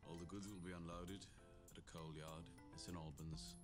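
A man's voice: deep voice, fairly even intonation, normal speed, loud music behind the voice, natural voice. An actor playing a stern male gang boss, giving clipped, businesslike orders. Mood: commanding.

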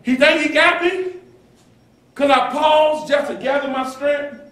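A man preaching a sermon as pastor, with call-and-response and sudden dramatic shouts, recorded in a church. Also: very high-pitched, a little slow. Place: church sanctuary. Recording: echoey church hall from far off.

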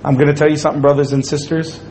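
Joking male Islamic lecturer, raised pitch. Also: little pitch movement, very fast, darkish tone, a little hiss or hum, rough recording. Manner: joking, playful storytelling with acted-out quotes. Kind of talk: humorous religious lecture to an audience.

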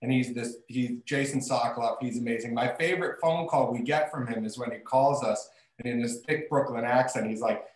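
A male showrunner telling animated stories in a casual interview on a video call. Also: medium pitch, a little fast. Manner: animated storytelling. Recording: roomy echo.

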